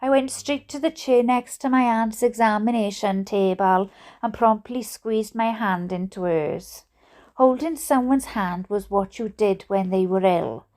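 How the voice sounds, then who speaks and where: A woman's voice: mid-range voice, unhurried, a little mellow. A Welsh woman reading a book aloud, given to fits of giggles. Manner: giggly, breaks into laughter. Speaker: storyteller.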